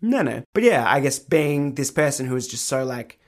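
A man's voice: mid-range voice, big pitch swings, normal speed. A young man being interviewed as a guest. He tells candid stories in a chatty way, laughs often and acts out voices in his anecdotes.

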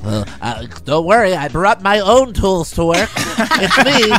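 A man's voice: high-pitched, sing-song, a little slow, over music, pitched above the performer's own voice. A man voicing an overeager nerdy male office worker, with a nasal, self-satisfied voice. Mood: eager.

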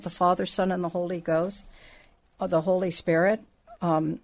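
A middle-aged woman teaching the Bible on a faith podcast, in a conversational way with asides and restarts. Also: lowish voice.

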